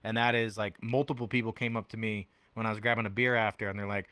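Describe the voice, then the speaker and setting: Young male podcast guest, bright and lively, animated storyteller, dry close sound. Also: fast talker, clean tone, no echo. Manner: animated storyteller, acts out quotes with big pitch jumps. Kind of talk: casual chat. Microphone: headphones on.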